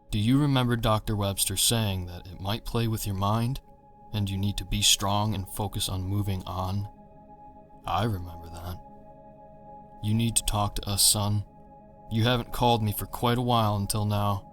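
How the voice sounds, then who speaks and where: A man doing a weary, gentle older father. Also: lowish voice, lightly acted. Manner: calm, soothing, concerned. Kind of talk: storytelling narration.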